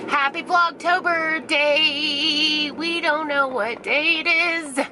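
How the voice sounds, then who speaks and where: Woman, young adult, high-pitched, rambling, foul-mouthed, car noise behind. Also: fairly even intonation, slow. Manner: chatty, profane, rambling. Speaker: beauty vlogger. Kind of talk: casual vlog while driving. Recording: noisy car recording.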